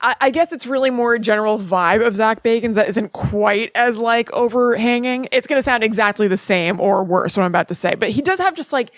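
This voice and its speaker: A woman co-hosting a podcast, her voice sitting a touch high, chatting casually in a close, dry sound. She rambles, laughs often and slips into little acted quotes as she tells the story. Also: fairly quick, hardly any pauses, no room sound. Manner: giggly, rambling, acts out quotes. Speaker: podcast co-host. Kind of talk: casual chat.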